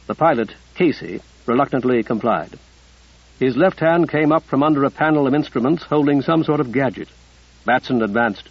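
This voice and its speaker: A man narrating an audiobook in a measured, even storytelling manner. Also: medium pitch, husky, dry recording, highs cut off.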